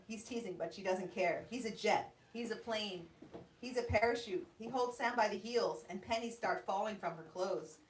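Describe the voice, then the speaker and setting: A woman author reading her novel aloud and then talking about her career at a bookstore event, in a plain, unhurried storytelling voice. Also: mid-range voice, a little hiss or hum. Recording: roomy hall sound, distant mic.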